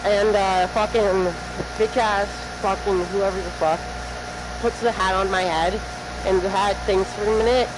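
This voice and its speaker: Dude rambling thru a story, swears nonstop, noisy mic. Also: male voice, high-pitched, fairly even intonation, unhurried. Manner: rambling, swears constantly, acts out quotes. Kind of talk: casual chat. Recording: noisy home recording.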